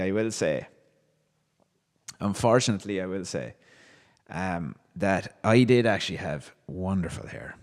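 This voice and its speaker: With a slightly high voice trailed by long reverb, this man hosts a livestream. He reads chat comments out loud and responds in a wry, chatty, amused way.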